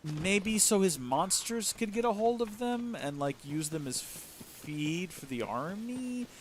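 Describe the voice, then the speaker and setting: A man with a high voice and lively intonation takes his time while livestreaming a video game, with a little hiss or hum in the audio. His commentary is casual and rambling as he muses aloud and often restarts his sentences.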